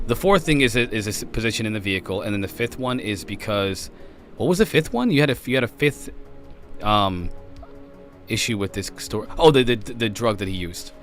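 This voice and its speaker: A man's voice: fairly low pitch, lively intonation, normal speed, fairly bright tone, faint music behind. A man hosting a podcast, pushing back hard in a heated debate and often cutting in to hold the floor. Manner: interrupts, repeats "hold on" to push back. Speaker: podcast host.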